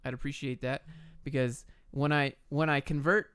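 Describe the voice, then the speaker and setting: Smooth-voiced man streaming casually. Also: medium pitch, little pitch movement, normal speed, fairly bright tone. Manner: blunt, offhand answers to chat questions. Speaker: streamer answering viewer chat. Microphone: camera and desk mic.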